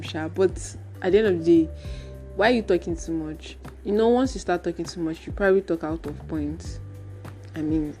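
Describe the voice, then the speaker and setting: A Nigerian-accented woman hosts her own podcast, speaking in a lowish, warm, mellow voice. She rants with animated emphasis and hammers her points home by repeating them, while faint music plays behind her. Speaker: podcast host. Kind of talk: solo podcast rant.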